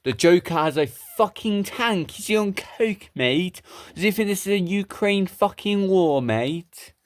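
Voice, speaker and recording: A man performing a crude, improvised comedy skit with toys, swearing and rambling as his voice jumps between high and low. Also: animated, a little slow.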